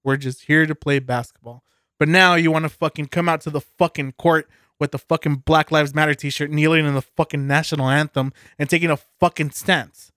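A man's voice: on the high side, steady tone, a little fast, sharp tone, dry recording, clean studio sound. A man co-hosting a casual podcast, ranting heatedly and swearing constantly. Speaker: podcast co-host. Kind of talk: casual beer podcast chat.

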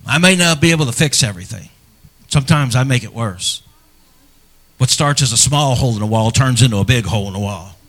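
A middle-aged man, a pastor, preaching a sermon in a church, earnest and personal, swinging from loud emphasis to hushed, near-whispered lines. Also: mid-range voice, expressive, a little fast. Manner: earnest and personal, speaking to fathers.

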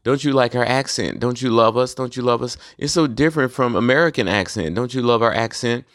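A man's voice: medium pitch, fairly quick, fairly bright tone, no echo, studio quality, natural voice. A man mimicking a smug, fawning Brit. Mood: mocking. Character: smug fawning British man begging admiration.

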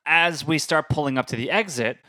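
A man's voice: on the high side, fairly quick. A young man, animatedly telling a story in casual podcast chat and laughing along. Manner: animated, laughs through his own story.

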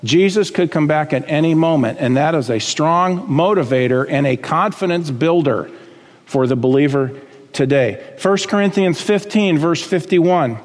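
A man preaching a sermon as pastor, emphatic, climbing high on key words and dropping low again. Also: normal speed, big-room sound.

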